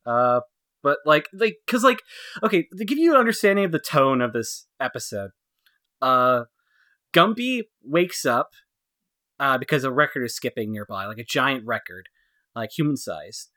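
A man riffs about old cartoons on a podcast, his talk full of fillers and frequent laughter. His voice is bright and swings widely in pitch. It sounds close and dry. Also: big pitch swings, normal speed, dry recording. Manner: laughs often, rambling with many fillers. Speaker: podcast co-host. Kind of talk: casual chat reviewing cartoons.

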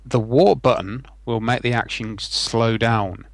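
A man's voice: medium pitch, steady tone, measured pace, no room sound. A man co-hosting a podcast, explaining game mechanics in a casual, detailed way. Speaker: podcast co-host. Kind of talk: casual chat.

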